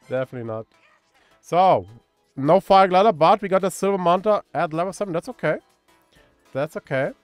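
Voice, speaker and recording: High-voiced excitable man with a German accent. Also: moderate pace, long pauses, dry recording, soft background music. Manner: excitable, cheers at pulls and reads chat aloud. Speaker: mobile game streamer. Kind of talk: casual gameplay commentary.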